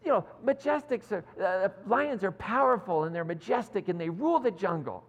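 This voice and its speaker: A man's voice: high voice, animated, normal speed, creaky, in a large hall, lo-fi sound, heavily acted. A man putting on a haughty, indignant team owner lady. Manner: scoffing, exasperated. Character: haughty, indignant woman who owns a team.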